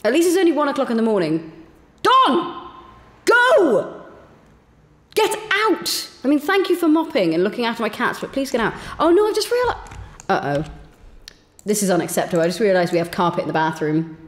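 A woman giving excitable, giggly commentary while playing a game on stream, talking to herself. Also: mid-range voice, quick pace, in a large hall. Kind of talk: gameplay commentary.

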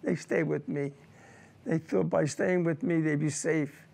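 Gravelly older veteran recalling war. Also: male voice, on the high side, steady tone, a little mellow. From United States. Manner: emotional, halting recollection with repeated words. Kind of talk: personal war testimony.

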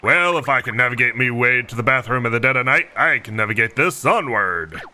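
A man's voice: medium pitch, lively intonation, a little fast, sharp tone, slight background noise. A man growling as a Texan-drawled toad pirate. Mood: gruff. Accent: pirate drawl mixed with Texan. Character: gruff toad pirate captain, hearty and bold. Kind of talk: reading game dialogue aloud in voices.

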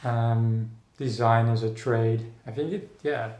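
A man's voice: medium pitch, fairly even intonation, a little mellow. Man musing in an echoey room. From Netherlands. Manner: thoughtful, halting, many restarts and fillers. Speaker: artist guest. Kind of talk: casual interview conversation.

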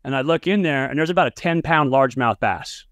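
Interviewing a coach on his sports podcast, this host and analyst chats and tells anecdotes in a mid-range voice that runs a little fast. The studio-quality recording has no echo, and his delivery turns animated during his stories.

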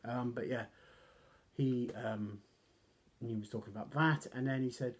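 A man talks loosely through a wrestling recap, circling back with fillers and poking fun at himself. His voice is husky and breathy, at a middling pitch, with occasional coughs. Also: fairly even intonation, unhurried, pauses often. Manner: rambling, self-deprecating, coughs often. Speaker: wrestling reviewer. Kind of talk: casual recap.

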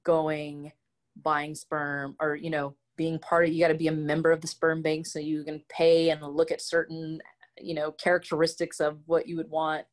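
A woman speaking as an interview guest in a casual conversation, candid and expressive as she tells personal stories. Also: low-pitched, moderate pace. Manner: candid and expressive, animated storytelling.

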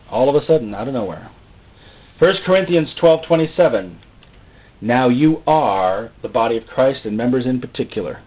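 A man's voice: medium pitch, slightly rough. A man preaching a sermon, emphatic and repeating phrases for stress. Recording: tinny phone-like sound.

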